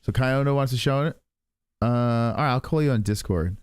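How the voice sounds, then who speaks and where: A man in his forties hosting a live stream, rambling casually with heavy swearing and heartfelt pauses. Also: medium pitch, clear, resonant tone, dry recording, clean studio sound. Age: 40s. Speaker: stream host.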